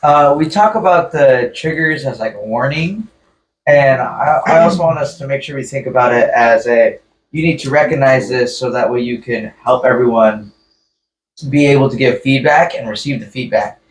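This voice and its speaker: A man in a class discussion, speaking thoughtfully and pausing on fillers. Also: mid-range voice, echoey room, far from the mic, a little hiss or hum, low-quality recording.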